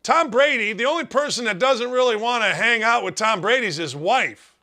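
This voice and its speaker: A middle-aged man hosting a sports talk show, loud and emphatic with folksy trash talk. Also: extremely high pitch, lively intonation, moderate pace.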